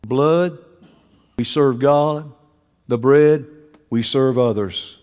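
A man preaching a sermon, folksy and joking, swinging from quiet asides to loud preaching. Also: mid-range voice, very slow, pauses often, smooth, in a large hall. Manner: folksy, joking, uses y'all and ain't. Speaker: pastor. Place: church sanctuary.

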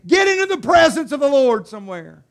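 High-voiced preacher with a dramatic delivery. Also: male voice, big pitch swings, brisk. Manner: rhetorical questions and direct calls to the congregation; swings between soft, low passages and loud, rising exhortation. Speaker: pastor. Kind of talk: sermon.

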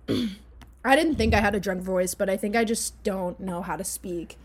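A woman's voice: mid-range voice, a little slow, slightly rough. Chatty young woman podcast co-host. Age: young adult. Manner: chatty storytelling, many "you know" asides. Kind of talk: casual chat.

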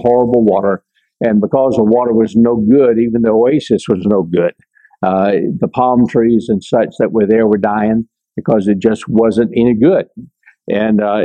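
An older man teaches a conversational Bible lesson, reading scripture aloud and stopping to explain it. His medium-pitched, mellow voice comes through poor audio, with frequent pauses, many fillers and restarts, and regular check-ins with his listeners.

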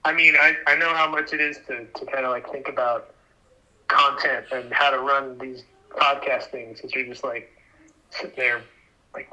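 A man chatting as a podcast guest, halting and repeating words as he gathers his thoughts. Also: medium pitch, fairly even intonation, bright, forceful tone. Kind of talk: casual podcast chat. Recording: dull lo-fi line.

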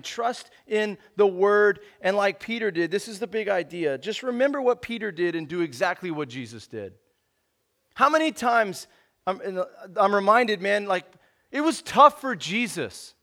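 Thirties guy, high voice, easygoing preacher who talks like he's chatting with friends. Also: expressive, normal speed, sharp tone. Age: 30s. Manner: laid-back, conversational, says "man" a lot. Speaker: pastor. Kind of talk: casual sermon.

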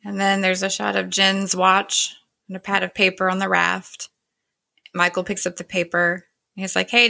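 A woman's voice: fairly low pitch, vocal fry, pushed and bright. A woman casually retelling a TV episode scene by scene, quoting the characters with "he's like" and "she's like". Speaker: show recapper.

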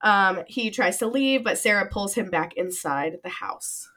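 A woman summarizes a film's plot for a podcast in a relaxed, chatty way, pausing often on fillers. Her voice sounds bright and forward. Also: medium pitch. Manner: chatty, filler-heavy recap. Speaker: podcast co-host. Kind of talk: casual movie recap chat.

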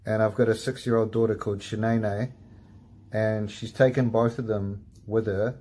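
A man's voice: lowish voice, steady tone, moderate pace, warm tone. A man hosting a casual comedy podcast, laid-back and swearing a lot, laughing at himself. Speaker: podcast host.

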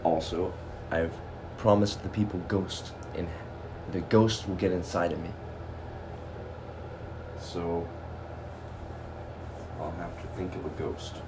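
A man's voice: low-pitched, fairly even intonation, slow, pauses often. A man hosting his own podcast, rambling in a goofy, self-mocking solo monologue over a noisy background. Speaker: podcast host.

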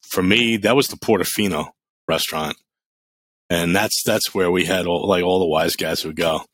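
Low-voiced man spinning stories. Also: moderate pace, dry recording. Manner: animated storyteller, blunt and profane. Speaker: podcast co-host. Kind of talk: casual podcast chat.

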